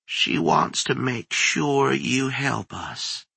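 A man voicing a monster that fakes a frail old woman's voice, thin, brittle and raspy, coaxing slowly and softly in a sing-song way. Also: mid-range voice, dry recording, pitched above the performer's own voice, heavily acted. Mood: menacing.

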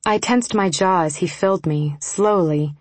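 A young adult woman narrating a first-person romance audiobook in a soft, intimate reading style, slipping into whispers for dialogue. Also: lowish voice, unhurried, breathy edge, no echo.

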